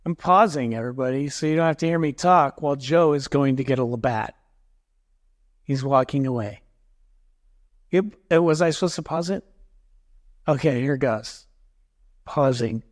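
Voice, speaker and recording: A man's voice: on the high side, unhurried, long pauses. A man co-hosting a podcast who teases his friend and jokes around in a casual chat. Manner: teasing, jokey, puts on mock voices. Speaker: podcast co-host.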